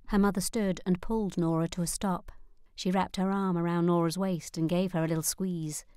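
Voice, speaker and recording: Give me a woman with a low voice narrating an audiobook, dry close sound. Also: clean tone, no echo. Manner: measured, even.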